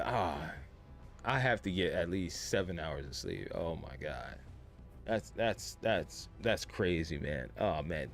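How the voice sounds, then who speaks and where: A man streaming live, chatting casually and rambling with jokes while he reads his chat. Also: low-pitched. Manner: rambling, joking, talks to chat.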